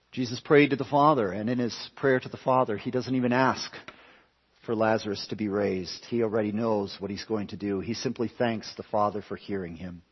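A man preaches a sermon with a slightly husky voice, swinging from quiet, hushed stretches to loud, forceful climaxes. His words ring out through a long hall reverb. The recording sounds somewhat dull and lo-fi. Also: medium pitch.

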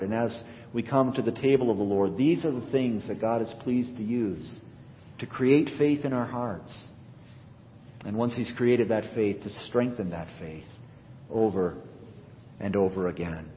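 A male pastor preaches earnestly to his congregation. His voice climbs for emphasis and drops low as each phrase closes. It rings with a long church reverb, and the recording sounds dull and muffled. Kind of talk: sermon.

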